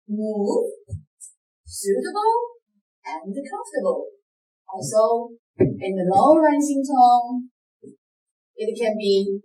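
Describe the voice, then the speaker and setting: High, animated Chinese-accented woman teaching an online class, echoey room. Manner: explains step by step with frequent okays and uh-huhs. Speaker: lecturer. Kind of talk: online course lecture.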